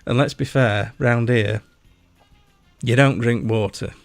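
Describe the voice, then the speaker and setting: A man with a broad Yorkshire accent chats loosely through a gaming livestream, joking and rambling as he answers his viewers. His voice carries a gravelly rasp. It is picked up close and dry, with faint music playing underneath. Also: mid-range voice, steady tone, slow, dry recording. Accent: Yorkshire English. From Yorkshire, England. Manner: chatty, jokey, rambling, talks to chat. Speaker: livestream host. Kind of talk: casual gaming livestream chat.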